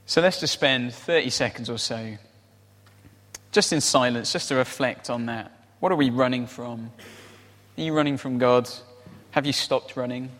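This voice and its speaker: A man's voice: mid-range voice, normal speed, a bit bright. A man preaching a conversational sermon, often tossing in rhetorical tag questions. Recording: reverberant hall.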